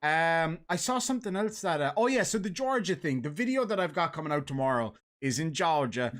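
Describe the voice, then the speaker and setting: An Irish man hosting a casual livestream, chatting and reading out donations with quick laughs. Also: a little high, lively intonation, fairly bright tone. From Ireland. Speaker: host.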